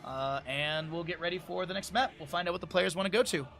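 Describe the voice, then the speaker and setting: A man's voice: sits high, quick pace, creaky, a bit bright, a little hiss or hum. A young man casually commentating a live esports tournament stream, chatty and rambling with lots of fillers, sounding a bit sleepy.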